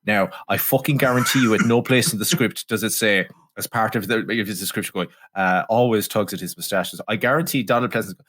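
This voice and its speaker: A man's voice: fairly low pitch, a little fast, few pauses, a bit bright. A man co-hosting a podcast, ripping into a film with sarcastic, sweary commentary and mocking impressions. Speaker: podcast co-host. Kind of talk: casual film review chat.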